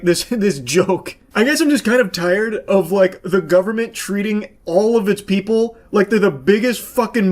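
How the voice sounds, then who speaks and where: High-pitched guy doing sarcastic sweary reaction commentary, fed up and casual. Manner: sarcastic, profane, exasperated rants.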